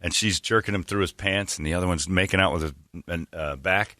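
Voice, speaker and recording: A man's voice: low-pitched, fairly quick, no room sound, studio quality. A man hosting a radio show, telling a long rambling anecdote and quoting the people in it. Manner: rambling, animated anecdote with quoted voices. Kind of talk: storytelling on a sports radio show.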